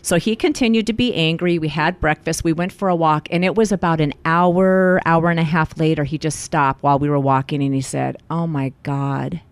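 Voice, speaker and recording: Woman, middle-aged, low voice, lively storyteller, dry close sound. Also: a little fast, few pauses, clear, resonant tone, no room sound. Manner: animated storyteller, acts out quoted lines. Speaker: life coach and acupuncturist. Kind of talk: storytelling in a podcast interview.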